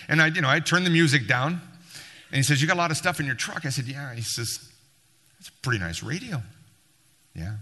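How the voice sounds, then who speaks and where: Lively man telling a story in a hall. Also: fairly low pitch. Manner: lively, sarcastic storyteller acting out dialogue. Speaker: church member telling a story. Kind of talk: storytelling to a church group. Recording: long hall reverb.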